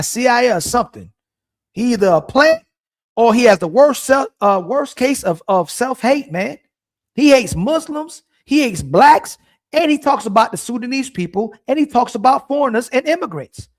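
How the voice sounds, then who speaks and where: A man hosting a stream, reacting to a clip with indignant, repetitive commentary and pausing to search for words. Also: very high voice, animated.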